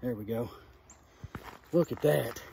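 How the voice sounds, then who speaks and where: A man vlogging his fishing outdoors by a creek, excited and rambling in a folksy way, recorded on a phone held at a distance. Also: medium pitch, takes it slowly, creaky, slight background noise. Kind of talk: casual outdoor vlog talk. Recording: faint phone audio from a distance.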